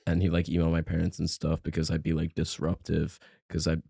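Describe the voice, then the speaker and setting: A man's voice: extremely low pitch, completely flat delivery, fairly quick, creaky, mellow, slightly rough, no room sound, clean studio sound. A young man, a comedian guest, telling jokey school anecdotes in laid-back casual chat.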